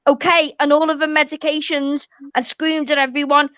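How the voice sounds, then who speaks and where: A woman with a slightly high voice spins her story in animated, foul-mouthed casual chat. The audio is dry and a little muffled, as from a live online panel. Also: moderate pace, few pauses, dry recording. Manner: animated storytelling, heavy swearing. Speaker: panel guest.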